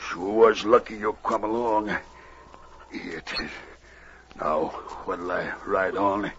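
An actor playing a big, gruff but shy male trapper who bellows when angry and turns gentle with his dog, in 1940s radio acting. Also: low voice, slow, slight background noise. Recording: dull old radio broadcast.

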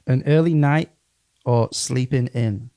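Gravelly man hosting casual chat. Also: mid-range voice, warm tone, no echo. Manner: playful, quick rapid-fire questions. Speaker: radio host.

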